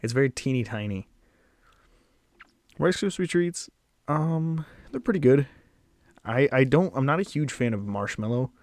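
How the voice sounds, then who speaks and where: A man's voice: medium pitch, lively intonation, measured pace, long pauses, a little mellow, no echo, clean studio sound. A young man rating snacks in a casual solo video, rambling and self-deprecating, with blunt verdicts and a slightly out-of-breath delivery. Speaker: snack reviewer.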